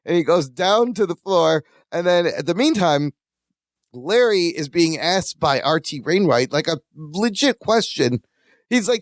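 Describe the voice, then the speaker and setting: High, lively man on a podcast. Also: moderate pace, dry recording, clean studio sound. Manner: lively, laughs often, quotes lines with big pitch jumps. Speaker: podcast co-host. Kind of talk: casual chat recapping a sitcom episode.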